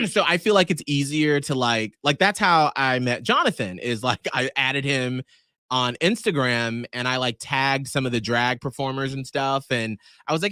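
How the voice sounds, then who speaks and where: Podcast guy in his 40s, bright and chatty, dry close sound, jumps into squeaky voices when he tells a story. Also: normal speed, dry recording. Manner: animated storyteller who acts out people in shrill high voices. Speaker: podcast co-host. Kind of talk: casual chat.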